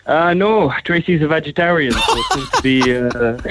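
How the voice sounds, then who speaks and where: A man's voice: fairly high pitch, expressive, moderate pace, low-quality recording. A Dutch man calling in to a radio show, friendly and agreeable, often repeating his words. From Netherlands. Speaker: caller. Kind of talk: casual phone-in chat. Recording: faint music behind the call.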